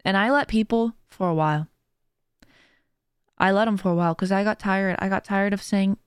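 Her mid-range voice stays steady and smooth, moving at normal speed with frequent pauses, recorded in studio quality with no room sound. She's a podcast host and streamer speaking casually and heartfelt, encouraging listeners through her faith.

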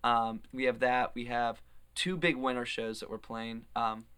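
A young man in his twenties, talking as a guest musician with a bright, crisp, clear voice. He rambles and hesitates, filling his sentences with ums and uhs in a relaxed, casual chat. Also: mid-range voice, unhurried. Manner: rambling, hesitant with many fillers.

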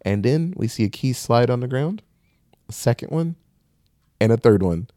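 A man retells a horror movie's plot for his podcast, swinging his pitch widely as he acts out the characters. His tone is mellow and warm. The room sounds dry and close to the mic. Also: moderate pace, no echo. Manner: animated retelling with laughs and acted-out quotes. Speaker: podcast host. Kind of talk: casual movie recap.

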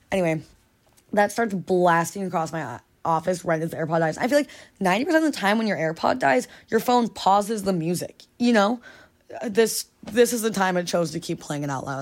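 Young woman rambling on her podcast, talks super fast, giggly, mumbles off at the ends. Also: on the low side. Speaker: podcast host. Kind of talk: casual solo podcast chat.

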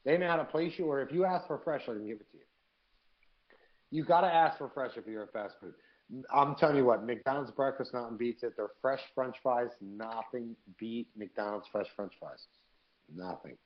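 A man's voice: mid-range voice, moderate pace. Cussing podcast guy, ranting stories, kinda muffled lo-fi sound. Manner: profane, animated storytelling. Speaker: podcast co-host. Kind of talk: casual chat.

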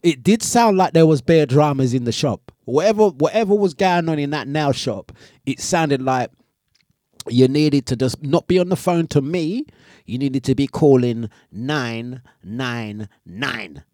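A man hosting a breakfast radio show, telling stories in animated, slangy chat and laughing often. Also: mid-range voice, a little slow, dry recording, clean studio sound. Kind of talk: casual live radio chat.

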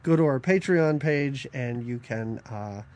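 A man's voice: mid-range voice, expressive, a little slow, a little mellow. A man co-hosting a podcast, chatting casually about a film, laughing often and jumping between topics. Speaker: podcast co-host. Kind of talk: casual film review chat.

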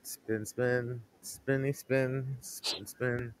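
Man, podcast co-host, laid-back and joking, mid pitch, outdoors by a fire. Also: level tone, very slow. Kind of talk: casual chat.

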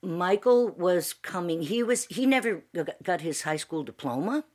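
A woman's voice: fairly low pitch, lively intonation, normal speed, darkish tone. A woman in her sixties, co-hosting a casual tea chat with her son, telling long stories with many restarts and recaps. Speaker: podcast co-host.

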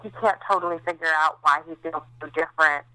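A woman's voice: low voice, fairly even intonation, fast talker, bright, forceful tone, no echo, poor audio. A woman in her thirties, a podcast co-host recovering after childbirth, telling stories in a candid, chatty way with many fillers. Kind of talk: casual chat.

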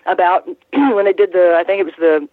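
A woman's voice: lowish voice, lively intonation, no echo. An older woman recounts her years around the ring, stopping and restarting her sentences as she goes. Her voice comes through a narrow, tinny phone line. The sound is dry, with no room around it. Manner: halting, many restarts and fillers. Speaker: former ring announcer, guest. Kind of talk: casual interview storytelling.

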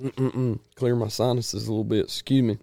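A man, hosting a casual chat in a rambling, folksy way and clearing his throat often. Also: medium pitch, level tone, normal speed, dark tone, dry recording.

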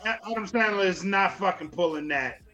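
A man in casual podcast chat, chiming in with quick, profane remarks and laughing along. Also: high voice, music in the background, low-quality recording. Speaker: podcast co-host.

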